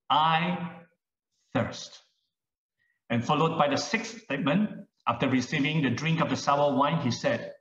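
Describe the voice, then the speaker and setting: A male pastor delivers a sermon in slow, emphatic phrases, letting long pauses hang. His fairly high voice carries from off the mic through a roomy church sanctuary, and the sound is a bit dull. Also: fairly bright tone, distant mic.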